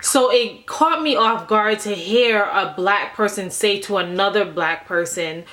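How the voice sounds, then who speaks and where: A young adult woman vlogger telling a story to the camera in an animated, conversational way, rambling and restarting her sentences. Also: mid-range voice, a little slow, faint music behind.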